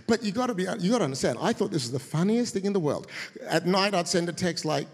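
Male preacher, high voice, funny storyteller, acts out characters, reverberant church hall. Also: quick pace, a little hiss or hum. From of Indian heritage. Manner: animated, acts out quoted voices in a high shout. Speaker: guest preacher. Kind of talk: humorous sermon with storytelling. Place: church auditorium.

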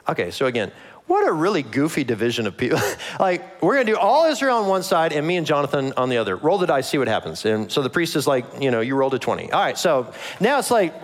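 A man's voice: mid-range voice, big pitch swings, fairly quick. A man preaching a casual sermon, reading scripture and acting out the characters in a joking, modern voice, laughing often. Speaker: pastor.

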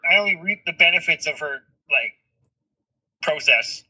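A man's voice: a little high, a little fast, bright, forceful tone, husky. A man co-hosting a casual podcast, a father who rambles through stories with lots of filler words. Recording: muffled lo-fi sound.

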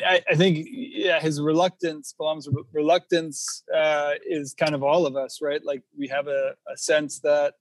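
A man who is a pastor, talking in a casual faith conversation, reflective with dry humor and halting pauses. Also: fairly high pitch, dry recording. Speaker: Christian pastor.

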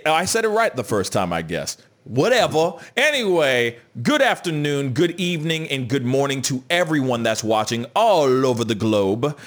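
Animated man hosting a live news chat. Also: mid-range voice. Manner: animated, joking, greets viewers and reads chat aloud. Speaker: show host.

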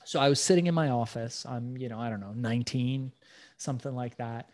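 A man's voice: medium pitch, a little fast, darkish tone, no echo. Brash, profane man telling stories. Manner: brash storytelling, heavy swearing. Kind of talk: casual conversation.

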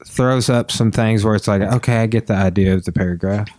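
A man hosting a casual podcast chat, telling stories in a relaxed, halting way with restarts. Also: lowish voice, dry recording, clean studio sound.

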